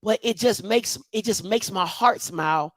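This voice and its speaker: A man's voice: high voice, moderate pace, fairly bright tone, dry recording. A man hosting a live call-in sports talk show, laid-back and teasing.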